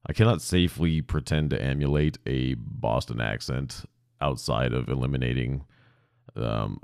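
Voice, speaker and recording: A man's voice: very deep voice, vocal fry, darkish tone, dry recording, clean studio sound. A young man hosting a podcast, rambling casually and self-deprecatingly with lots of swearing. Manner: profane, self-deprecating, digressive. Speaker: podcast host. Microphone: podcast microphone.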